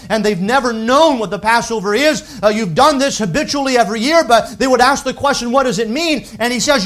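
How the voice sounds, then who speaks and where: With an extremely high-pitched voice, this pastor reads scripture aloud and unpacks it earnestly in his sermon, shifting back and forth between loud and quiet delivery.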